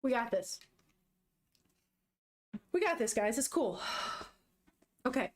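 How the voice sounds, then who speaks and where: Young woman, sniffling, casual emotional manga recap, slightly high voice. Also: sing-song, takes it slowly. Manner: emotional, swears, gasps in shock. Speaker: vlogger reading manga. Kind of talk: casual chat, retelling a manga.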